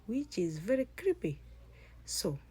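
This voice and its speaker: A woman's voice: mid-range voice, very animated, a little slow, warm tone, husky. A woman vlogger chatting casually to her viewers as she retells a family story while cooking, rambling and restarting as she goes.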